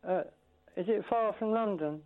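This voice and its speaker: A man's voice: sits high, normal speed. A man calling in to a radio show who talks in a rambling, hesitant way and chuckles often. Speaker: radio caller. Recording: tinny phone line, faint music.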